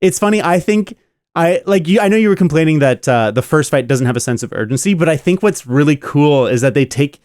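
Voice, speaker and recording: A man's voice: fairly high pitch, expressive, fairly quick, darkish tone, no room sound, studio quality. A man co-hosting a podcast, chatting casually and enthusiastically about a movie with lots of fillers. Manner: rambling, enthusiastic, many fillers. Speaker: podcast co-host. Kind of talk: casual movie review chat.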